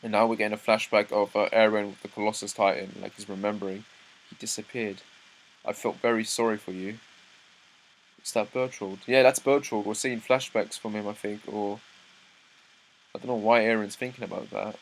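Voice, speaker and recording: Man, lowish voice, live reaction read-through, excited asides, restarts. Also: brisk, low-quality recording. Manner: reads dialogue aloud, breaks off into excited asides, stumbles and restarts. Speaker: manga reaction host.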